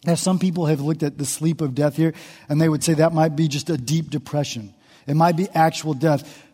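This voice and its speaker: A man's voice: fairly high pitch, fairly even intonation, fairly quick, dark tone, slightly rough, long reverb tail. A man preaching an impassioned sermon as pastor, voicing the psalmist's laments with feeling. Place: church sanctuary.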